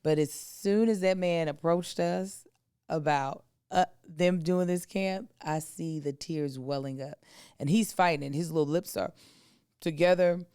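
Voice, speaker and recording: A woman in her thirties tells a family story on a podcast in casual chat, slipping into other people's voices as she goes. Her voice sits low and comes through smooth and clean. The sound is close and dry. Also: unhurried, mellow, no room sound. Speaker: podcast co-host.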